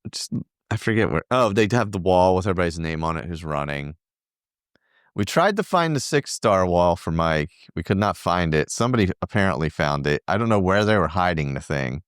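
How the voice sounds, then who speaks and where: A man's voice: deep voice, smooth, no room sound, studio quality. A middle-aged man, a podcast co-host, recounting a trip in casual, rambling chat full of fillers. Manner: rambling, filler-heavy storytelling.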